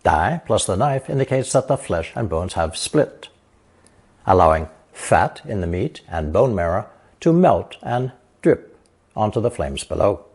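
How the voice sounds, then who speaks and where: Male teacher, lower voice, unhurried scripted lesson delivery, a bit breathy. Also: very animated, a little mellow. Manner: slow, measured explanations with example sentences read aloud. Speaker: language teacher.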